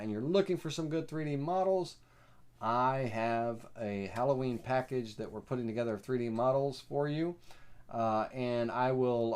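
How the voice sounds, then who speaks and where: A man with a Southern US accent hosting a live software tutorial, rambling and folksy with lots of fillers. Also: medium pitch. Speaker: host.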